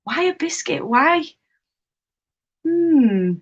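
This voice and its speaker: A woman's voice: high-pitched, animated, extremely slow, lo-fi sound. A woman hosting a casual live stream from home while knitting. She chats and reads viewer comments aloud, reacting to them as she goes. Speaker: livestream host.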